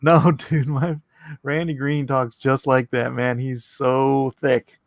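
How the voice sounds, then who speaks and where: A man hosting a casual livestream, animated and jokey, reading chat and bantering with his co-host. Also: medium pitch, slow, vocal fry, no room sound. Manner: animated and jokey, breaks into laughs.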